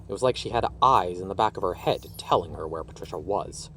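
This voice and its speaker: A man reading his own fantasy story aloud with expressive narration. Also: sits low, a little hiss or hum.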